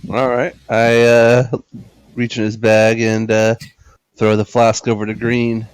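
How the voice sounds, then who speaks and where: A man's voice: medium pitch, monotone, slow pace, smooth, dry recording, low-quality recording. A man playing a tabletop game, cracking jokes in a playful way. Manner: joking, playful. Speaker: player. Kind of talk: casual tabletop role-play.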